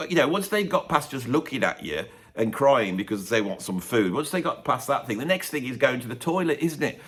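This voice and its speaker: Lively, rambling Englishman. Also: on the high side, slightly rough. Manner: digressive, chatty, full of tag questions. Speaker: YouTuber. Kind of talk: rambling solo monologue to camera.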